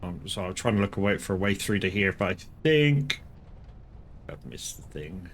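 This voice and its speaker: A man's voice: low voice, lively intonation, normal speed, a little hiss or hum. A man streaming a farming game, rambling and swearing as he chats to viewers. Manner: rambling, swearing, frequent restarts. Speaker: live streamer. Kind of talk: casual gameplay commentary.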